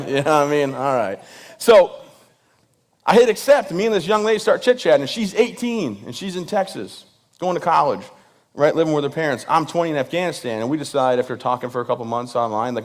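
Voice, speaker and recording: On stage, a veteran from Michigan tells a funny, self-deprecating story, addressing the crowd directly. His mid-range voice moves at a quick pace.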